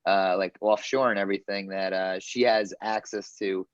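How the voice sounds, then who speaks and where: A man's voice: low voice, fairly even intonation, normal speed, smooth, no room sound, lo-fi sound. A man in his thirties, a comedian on a podcast panel, chatting casually with many fillers and restarts. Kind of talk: casual chat.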